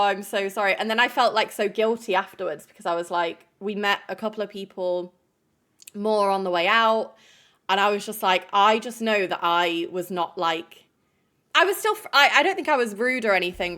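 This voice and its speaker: A woman's voice: medium pitch, a bit bright. A woman streamer telling chat a stressful story in a rambling, emotional way, full of fillers.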